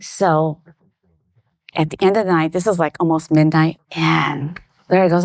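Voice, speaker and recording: A middle-aged woman, a guest on a talk show, telling a personal anecdote in lively detail and acting out the voices of the people in it. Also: deep voice, a little slow, vocal fry, pauses often, dry recording. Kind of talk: storytelling in a conversation.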